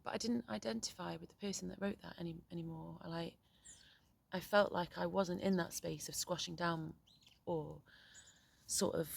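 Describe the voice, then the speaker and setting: A middle-aged woman speaking in a candid, reflective monologue, frank and halting, often swearing, with many restarts as a poet and parent. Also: on the low side, steady tone, gravelly, breathy edge.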